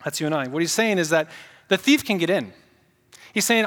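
A man's voice: high-pitched, expressive, normal speed, a bit bright, in a large hall. A male pastor preaching a sermon, emphatic, repeating key points and asking the congregation questions.

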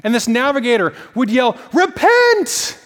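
A man with a high-pitched voice delivers a sermon. He tells stories in a loose, animated way, full of casual fillers. His voice rings out with long reverb, as if heard in a large hall. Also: normal speed. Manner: animated storytelling with many fillers. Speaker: pastor.

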